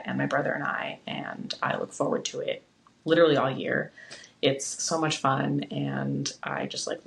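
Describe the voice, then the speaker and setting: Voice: medium pitch, gravelly, low-quality recording. A young adult podcast host talking casually into a phone at home, giving an earnest, heartfelt pep talk.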